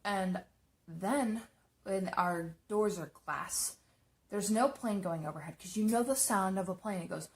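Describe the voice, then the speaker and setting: A woman's voice: mid-range voice, a little slow. A young woman casually telling spooky personal stories from her apartment, chatty and swearing freely. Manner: chatty, swears often, animated retelling. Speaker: beauty vlogger. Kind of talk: casual storytelling.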